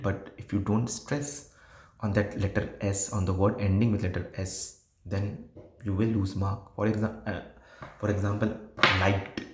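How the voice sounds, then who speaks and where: A man giving exam prep tips in a casual tutorial, explaining slowly with many fillers and restarts. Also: lowish voice, a little mellow. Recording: echoey room.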